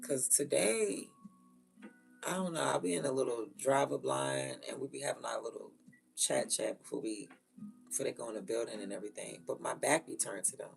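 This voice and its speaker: A woman who is a mother, telling stories in a blunt, profane, animated way and laughing often. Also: extremely low pitch, a little fast, gravelly, soft background music. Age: adult with children. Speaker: vlogger. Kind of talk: casual storytelling rant.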